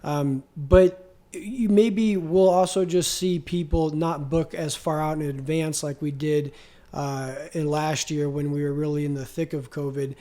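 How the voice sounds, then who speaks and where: Mellow, higher-voiced man musing. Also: fairly even intonation, a little slow. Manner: reflective, hesitant, repeats words. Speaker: co-host. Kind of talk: casual business podcast chat.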